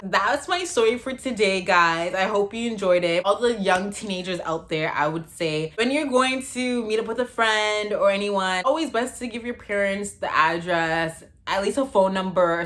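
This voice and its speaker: A woman's voice: mid-range voice, a bit bright. A woman in her thirties from Canada, chatting animatedly as she tells a storytime vlog. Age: 30s. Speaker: vlogger.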